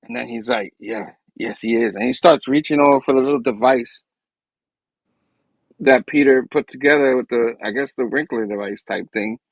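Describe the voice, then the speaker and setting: A man hosting a show who recaps a comic book in an animated, rambling way and chuckles often. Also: mid-range voice, moderate pace, creaky, dry recording, poor audio. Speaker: host.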